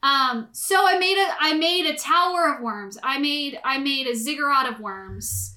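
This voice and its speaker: A young adult woman telling a story in a casual chat, animated and freely swearing. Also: sits high, normal speed. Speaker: podcast co-host.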